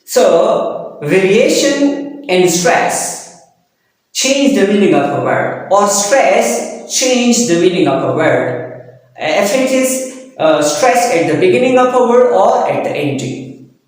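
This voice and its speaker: A man giving a recorded lecture, explaining slowly with frequent fillers. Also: high voice, sing-song. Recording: very echoey long-reverb room.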